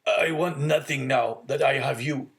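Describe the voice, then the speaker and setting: A man voicing a frail, poor old father who talks weakly and gently in an audiobook story. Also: medium pitch, unhurried, voice pushed up. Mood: weary. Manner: weak, self-effacing.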